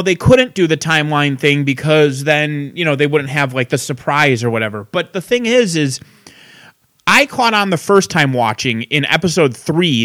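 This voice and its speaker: A man's voice: on the high side, fairly bright tone, dry recording, studio quality. A man co-hosting a casual chat show, talking loosely with profanity and frequent laughter. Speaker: podcast co-host.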